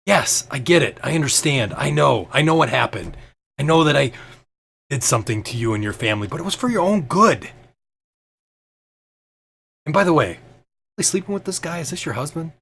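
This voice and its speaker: A man voicing a gruff, defensive ranger. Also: a little high, expressive, fairly quick, pauses often, fairly bright tone, pitched above the performer's own voice, exaggerated voice. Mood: needling. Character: blunt reformed male ranger, defensive and wary.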